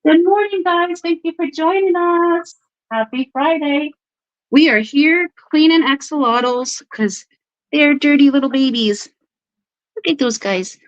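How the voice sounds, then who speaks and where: A woman hosting a casual live stream, bubbly and quick to laugh, who baby-talks to her pets while she chats. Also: high-pitched, no room sound. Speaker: livestream host. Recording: dry, slightly dull livestream audio.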